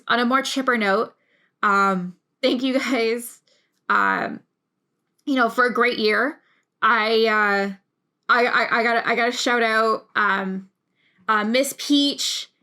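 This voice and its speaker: Young woman vlogger, casual, emotional rambler, gravelly low fry at phrase ends. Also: sharp tone. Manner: rambling, emotional, many restarts. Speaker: YouTube creator. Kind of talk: casual talk to camera.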